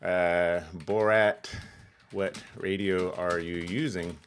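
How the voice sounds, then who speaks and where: A man's voice: deep voice, steady tone, takes it slowly, a little hiss or hum. A man hosting a ham radio channel, explaining a radio demo in a rambling, chuckling way with lots of fillers. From California. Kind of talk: casual demo vlog.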